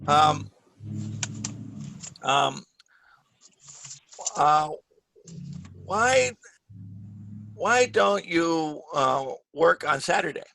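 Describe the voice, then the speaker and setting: A man teaching an English grammar class over a video call, speaking clearly and patiently and stressing the words he models. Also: a little high, expressive, very slow, pauses often, sharp tone, slight background noise. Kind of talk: online grammar lesson. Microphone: computer mic on a video call.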